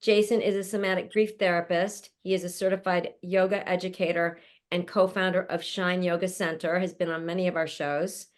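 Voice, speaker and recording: Hosting an online panel from home while her mother is nearby, a woman introduces each guest effusively and chattily, laughing often. Her voice is lowish and flat, running a little fast with hardly any pauses.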